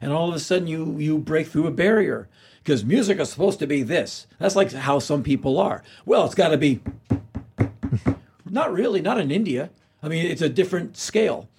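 A man's voice: on the high side, expressive, normal speed, darkish tone, slight background noise. A man in his sixties, a podcast guest, telling stories in casual chat and acting out the people he quotes.

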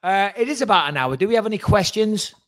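Animated, teasing podcast host man. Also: high voice, quick pace. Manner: animated, teasing, talks with emphatic repetition. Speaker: podcast co-host and fight pundit. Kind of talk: casual podcast chat.

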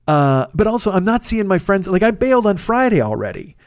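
A man's voice: sits high, very animated, a little fast, dry recording, clean studio sound. A man hosting a podcast, telling a story in a casual monologue, swearing a lot and sounding exasperated. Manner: profane, exasperated ranting. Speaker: podcast host.

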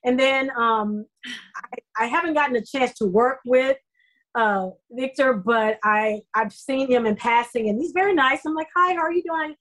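Woman, middle-aged, rather high voice, effusive, emotional, animated quoted asides, interview guest. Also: moderate pace, low-quality recording. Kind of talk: conversational interview.

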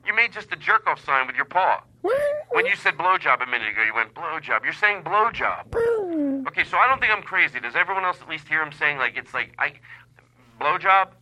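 Guy on a comedy podcast doing a shrill fake phone voice, exasperated, swings all over, bright. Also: very animated, quick pace. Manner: exasperated, high-pitched mock phone voice. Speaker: podcast host.

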